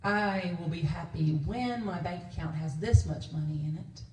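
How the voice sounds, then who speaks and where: A woman's voice: fairly low pitch, normal speed, warm tone, a little hiss or hum. A woman minister giving a conversational sermon, telling stories with laughs and quoted voices. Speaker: guest minister. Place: church sanctuary. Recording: echoey church from a distance.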